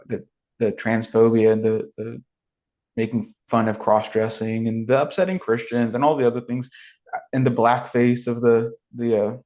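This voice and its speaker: A man's voice: mid-range voice, a little mellow. A man co-hosting a podcast, talking through a film in a thoughtful, searching way. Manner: thoughtful, searching, with many fillers and restarts. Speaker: podcast co-host. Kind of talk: casual film review chat.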